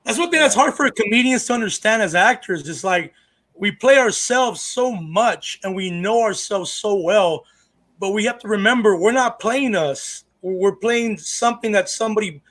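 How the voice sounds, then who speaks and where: High-voiced male comedian giving advice. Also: animated, moderate pace, fairly bright tone. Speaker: comedian, podcast co-host. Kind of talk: casual podcast chat.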